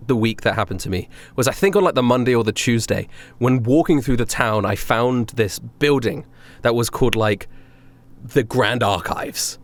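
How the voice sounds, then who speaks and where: A young man co-hosting a podcast, recounting a story in a lively, casual way, laughing often and leaning on fillers. His pitch swings widely while the overall pitch sits in a middle range. The delivery is chatty and unscripted. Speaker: podcast co-host. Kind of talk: casual anecdote telling.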